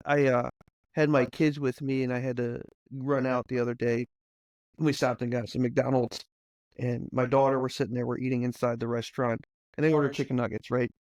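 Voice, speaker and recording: A man's voice: medium pitch, a little mellow, no echo. A man in his thirties co-hosting a podcast in a studio, joking around and laughing a lot. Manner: jokey, laughing, quick comic bits. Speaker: podcast co-host. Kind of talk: casual chat. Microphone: studio mic.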